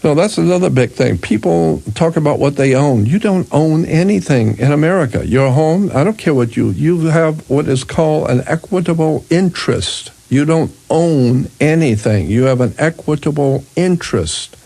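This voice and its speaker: A man's voice: on the high side, animated, moderate pace, gravelly, few pauses, mellow. An older man hosting a radio talk show, explaining his views emphatically, repeating himself and restarting sentences often. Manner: emphatic, repetitive, with frequent restarts.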